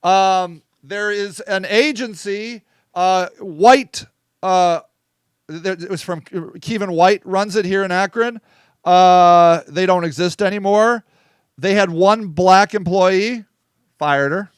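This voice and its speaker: Host type: blunt man who swears, fairly high and smooth voice, dry close sound. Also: slow, dry recording. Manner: blunt, swears, repeats "okay?". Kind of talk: casual live-stream monologue.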